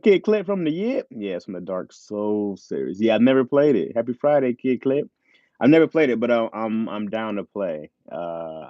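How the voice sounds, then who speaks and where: A deep, mellow male voice comes through with no room sound and a lo-fi quality. He's a livestream host chatting casually with viewers, reading chat aloud and laughing often into a tablet mic with earbuds.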